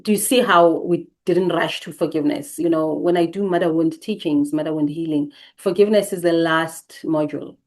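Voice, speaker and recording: A woman host giving a reflective teaching monologue, speaking gently with repeated, emphatic phrases. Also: low voice, a little fast, few pauses. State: briefly emotional.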